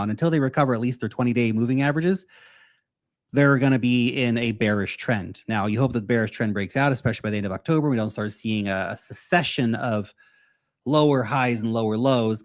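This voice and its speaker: A man in his thirties from the United States, hosting a casual livestream Q&A and answering viewers' questions in a blunt, profane, emphatic way. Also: on the low side. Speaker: crypto livestream host.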